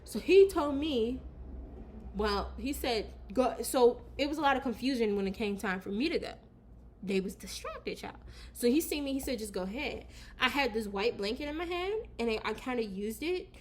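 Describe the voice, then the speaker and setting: A woman vlogger chatting casually to her camera at home, telling a story with slang and quick asides. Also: fairly high pitch, expressive, slight background noise. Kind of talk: casual story time chat.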